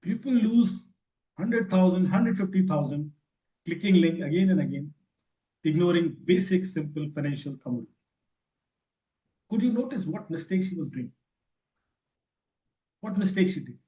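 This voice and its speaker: A man's voice: high voice, animated, moderate pace, long pauses, dark tone. A man with an Indian English accent giving a teacher training lecture on cyber safety, emphatic and repetitive as he tells his stories. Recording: echoey hall.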